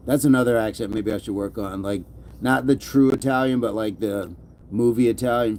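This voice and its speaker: A man's voice: medium pitch, moderate pace, mellow. Joking man chatting on a livestream. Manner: loose and joking, drops into a mock movie-gangster voice. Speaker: livestream host. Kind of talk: casual livestream chat reading comments.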